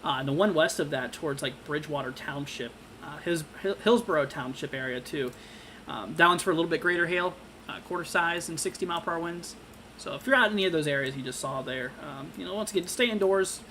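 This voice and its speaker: A young man hosting a live severe-weather stream, talking casually with lots of fillers and halting restarts while reading viewer comments. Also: a little high, sharp tone, slight background noise. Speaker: livestream weather host.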